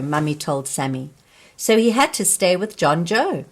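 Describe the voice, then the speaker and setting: Slow, expressive woman reading to children. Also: fairly low pitch. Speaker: storybook reader.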